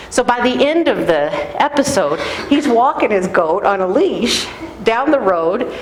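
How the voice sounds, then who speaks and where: A woman pastor giving a sermon in a conversational, animated storytelling way. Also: mid-range voice. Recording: echoey room, faint noise.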